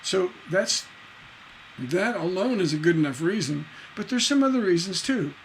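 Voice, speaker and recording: A man's voice: sits high, expressive, normal speed, a little hiss or hum. A man teaching songwriting in a livestreamed lecture, explaining syllable stress by tapping out rhythms aloud.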